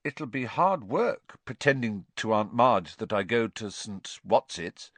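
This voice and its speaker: A man's voice: on the low side, expressive, a little slow, a bit bright, no room sound. A man reading aloud and voicing a bitter, defiant teenage boy who speaks coldly. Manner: cold, clipped, sullen.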